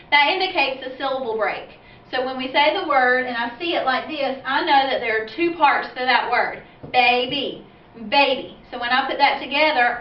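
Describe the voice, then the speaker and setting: A woman teaching second grade, explaining reading rules to parents slowly and clearly. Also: high voice. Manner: slow, clear explaining with spelled-out letters. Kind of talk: instructional video for parents. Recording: roomy, distant, dull lo-fi sound with faint hiss.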